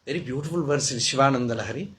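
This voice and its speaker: A man's voice: medium pitch, rapid-fire, fairly bright tone, husky, low-quality recording. A man with an Indian accent giving a storytelling spiritual discourse, often checking in with his listeners. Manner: storytelling, asks "Hmm?" to listeners, chants Sanskrit verses. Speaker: spiritual teacher.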